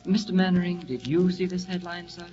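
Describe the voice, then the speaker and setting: An actor playing a polite, eager English schoolboy who talks with halting manners, in 1940s radio acting. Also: male voice, high voice, mellow, soft background music, lightly acted. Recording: muffled 1940 radio broadcast with hiss.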